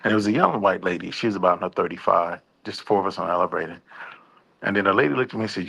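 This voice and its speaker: A laid-back man drawls through a story on a casual talk show. His voice is low and gravelly, with a husky, rough grain. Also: fast, bright, forceful tone.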